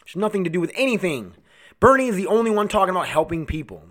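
A man's voice: sits high, sing-song, fast talker, fairly bright tone. A man hosting his own podcast from home, ranting bluntly and angrily with a lot of swearing. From United States. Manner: profane, blunt, goes off on rants. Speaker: podcast host. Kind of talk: angry ranting monologue.

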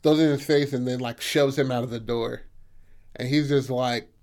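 A man's voice: medium pitch, steady tone, normal speed, darkish tone. A young man hosting a podcast, casually retelling a story with lots of swearing and fillers like "you know what I mean". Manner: loose, profane retelling with many fillers. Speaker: podcast host.

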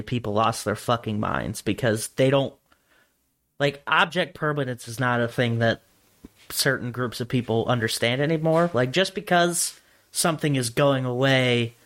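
A man's voice: mid-range voice, fairly bright tone. A man co-hosting a casual comedy podcast, joking crudely and rambling between laughs. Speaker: podcast co-host.

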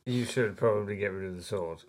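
A man's voice: fairly low pitch, a little fast. A man playing a tabletop role-playing game, talking in an easygoing, amused way. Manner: easygoing and amused, often laughing. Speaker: player. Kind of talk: casual tabletop role-play.

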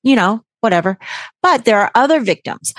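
A woman's voice: on the high side, expressive, brisk, no room sound. A woman hosting a podcast in casual chat, brash and jokey, swearing freely with sarcastic asides. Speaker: podcast host.

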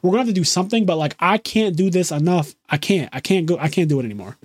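A man co-hosting a casual chat about a TV show, animated and swearing freely as he quotes the dialogue. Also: sits high, fast talker, husky, no room sound, studio quality. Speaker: podcast co-host.

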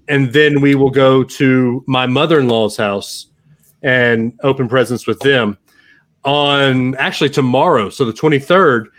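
Casting: American male host, thirties, playful, laughs a lot, mid-pitched. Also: a bit bright. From United States. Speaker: podcast host. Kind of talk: casual chat.

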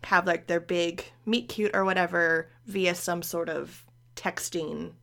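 A woman's voice: lowish voice, measured pace, creaky. A woman hosting a podcast, chatting casually and animatedly about books. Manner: animated, laughs often. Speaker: podcast host.

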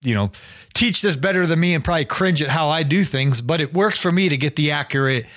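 A man's voice: fairly high pitch, expressive, a little fast, fairly bright tone. A man hosting a podcast, telling a story casually with many fillers and restarts, his voice a little worn. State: losing his voice. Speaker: podcast host.

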